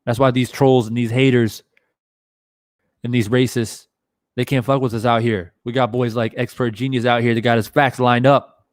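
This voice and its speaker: A man speaking at normal speed in a mid-range voice chats with viewers on his live boxing stream, reading their messages in a casual, animated, foul-mouthed style. There's no echo, and the studio sound is clean.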